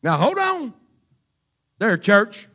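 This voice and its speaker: Male pastor, fervent sermon delivery, voice sits a bit high, talks straight to the congregation. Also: very animated, slow. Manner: fervent preaching, moving between quiet talk and shouting; addresses the congregation directly, folksy phrasing.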